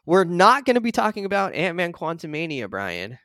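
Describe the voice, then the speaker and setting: A man's voice: fairly high pitch, fairly quick, no room sound, clean studio sound. A man in his thirties co-hosting a podcast, chatting casually and laughing often. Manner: laughs often, relaxed rambling. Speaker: podcast co-host. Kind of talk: casual chat.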